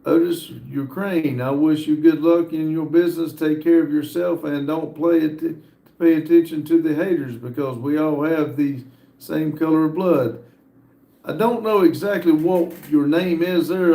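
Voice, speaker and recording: Live-stream host, male, gravelly and slightly high voice, roomy echo, reads chat aloud haltingly. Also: warm tone. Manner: reads comments aloud with frequent "uh" pauses. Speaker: livestream host reading viewer chat.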